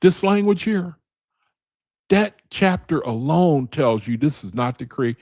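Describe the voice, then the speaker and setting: A man's voice: on the high side, expressive, a little slow, a little mellow, dry recording, studio quality. A man leading a casual video Bible study, talking straight to his viewers, repeating his points and calling them brethren and man, with speech.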